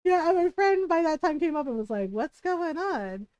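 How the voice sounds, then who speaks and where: A woman live streamer telling a story in casual chat, animated and sarcastic, laughing often between sentences. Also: very high voice, quick pace, dry recording, dull audio.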